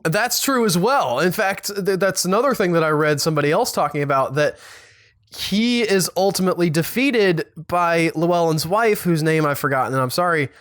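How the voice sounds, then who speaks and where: A man with a somewhat high voice talks casually through a film review, wandering off into asides and restarting his sentences. The sound is dry and close, with no room in it. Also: moderate pace, no echo. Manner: rambling, self-correcting, animated asides. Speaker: podcast co-host.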